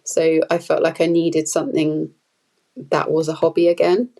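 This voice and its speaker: A woman's voice: low-pitched, flat delivery, normal speed, mellow, poor audio. A woman talking casually as a podcast guest, chatty and rambling with many fillers and light laughter. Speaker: podcast guest, food photographer. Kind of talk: casual conversational interview.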